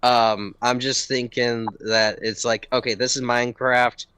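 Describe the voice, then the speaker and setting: A man's voice: mid-range voice, flat delivery, measured pace, a bit bright, clean tone, dry recording. A man, a player, rambling in laid-back casual chat before a game.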